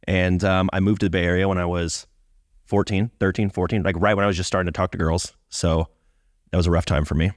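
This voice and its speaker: A man's voice: deep voice, flat delivery, fast talker, dry recording, studio quality. A man from Atlanta, a guest on an interview podcast, telling his story in a candid, self-mocking way with casual swearing. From Atlanta, USA. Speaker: guest, content creator.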